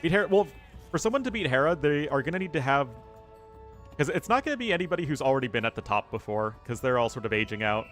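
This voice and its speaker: A man's voice: medium pitch, animated, fast, fairly bright tone. An American man casts a live strategy game in a loose, chatty way, laughing easily as he answers chat. His voice sits in a middle range. Faint music plays behind him. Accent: General American. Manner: casual, chatty, laughs often. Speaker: caster.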